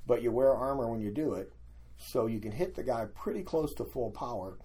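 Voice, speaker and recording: An older man, a guest, telling lively anecdotes in a casual storytelling way and acting out what other people said. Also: mid-range voice, brisk, slightly rough. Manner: animated anecdotes, acting out quoted voices.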